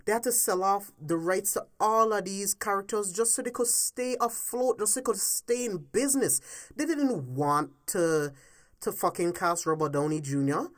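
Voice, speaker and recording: A woman hosting a solo podcast, ranting heatedly and with lots of swearing, swinging between low mutters and loud outbursts. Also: moderate pace. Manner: heated, profane, emphatic ranting. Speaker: podcast host.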